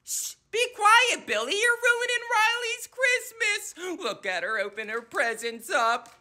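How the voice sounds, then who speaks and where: A woman's voice: very high-pitched, sing-song, unhurried, sharp tone, heavily acted. A woman voicing a dismissive mother in a comedy skit, who brushes off her son in an offhand way. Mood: scolding.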